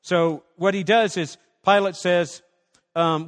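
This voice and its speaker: A man's voice: fairly high pitch, fairly even intonation, a little slow, big-room sound. A man preaching a sermon as pastor, passionate, acting out prayers and little dialogues.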